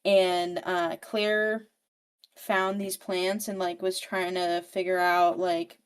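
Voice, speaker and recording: A woman's voice: fairly low pitch, level tone, takes it slowly, clear, resonant tone. A woman co-hosting a podcast, recapping a novel in casual, rambling chat full of "like" and swearing. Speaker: podcast co-host.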